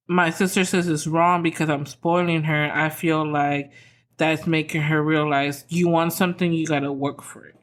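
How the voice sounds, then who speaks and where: A woman in her thirties hosting a podcast, chatting casually about her kids and family, rambling with lots of fillers and acting out quotes. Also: sits low. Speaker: podcast host. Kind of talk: casual storytelling monologue.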